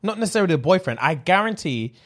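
A young man trades brash, blunt banter as podcast co-host. His voice sits a little high for a man, and he talks in loose, casual chat. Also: very animated, fast.

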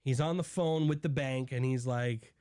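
Animated man recapping, dry close sound. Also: mid-range voice, dry recording. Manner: animated, acts out characters' lines in quick impressions. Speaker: podcast co-host recapping a TV episode. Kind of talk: casual chat.

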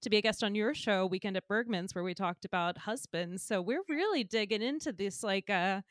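A woman co-hosting a film podcast, upbeat and quick to laugh. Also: mid-range voice, dry recording, clean studio sound. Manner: giggly, upbeat. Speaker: podcast co-host. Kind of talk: casual chat.

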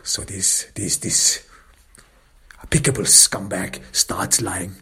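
A man narrating a dark first-person story, intense and angry, often dropping into whispers. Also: low voice, takes it slowly, creaky, husky.

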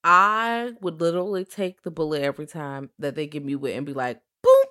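A lively woman co-host, talking through a film in loose, profane chat and breaking into voiced quotes. Her voice sits fairly low for a woman. The sound is dry and close, with no room around it. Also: brisk, dry recording. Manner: animated, profane, acts out quotes in shrieks. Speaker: podcast co-host. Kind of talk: casual film discussion.

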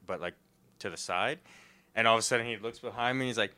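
A man's voice: lowish voice, fast talker, sharp tone, dry recording. A young man in casual chat, rambling with many fillers and giggling often.

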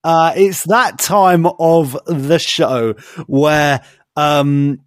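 A man's voice: fairly high pitch, fairly even intonation, drawn-out words, dry recording, clean studio sound. A man hosting a podcast game segment, chatty and laughing often. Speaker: podcast host. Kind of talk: casual banter, running a game segment.

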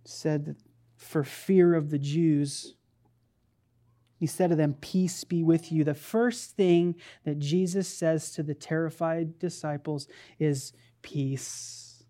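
A woman's voice: low voice, slow. Woman preaching in a casual, playful way. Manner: conversational, playful, animated storytelling. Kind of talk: sermon.

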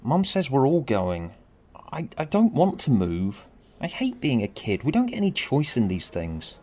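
A man's voice: medium pitch, wildly swooping pitch, moderate pace, mellow, pitched above the performer's own voice. A man doing a glum, sighing boy. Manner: sighing, subdued. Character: glum young boy, sad and quiet.

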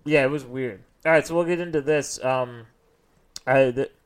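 Young man, podcast co-host, casual profane storytelling, smooth resonant tone. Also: mid-range voice, normal speed. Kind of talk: casual chat.

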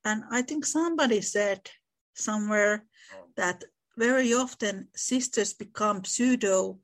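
A woman's voice: mid-range voice, measured pace. A woman hosting a casual discussion about a classic novel, thoughtful and reading passages aloud. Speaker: podcast host.

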